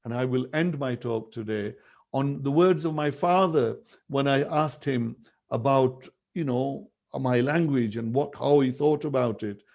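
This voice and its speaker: A man's voice: medium pitch, unhurried, vocal fry, a little mellow. A middle-aged man from England, giving an earnest academic talk over a video call and telling stories with quoted dialogue. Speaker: guest speaker.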